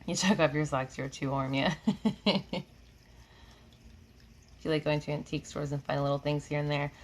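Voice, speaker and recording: A woman's voice: low voice, little pitch movement, normal speed, a little hiss or hum. A woman in her thirties from New York with a slight Southern drawl, chatting casually on a live stream and laughing often as she reads and answers comments. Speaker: reiki healer hosting a live stream. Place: home room with air conditioning.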